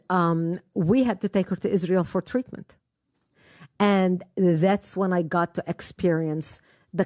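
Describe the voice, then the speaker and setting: A woman's voice: fairly low pitch, darkish tone, dry recording, clean studio sound. Earnest Lebanese-born woman telling a war story. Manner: earnest, emotional retelling with quoted dialogue. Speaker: guest speaker. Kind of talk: personal storytelling.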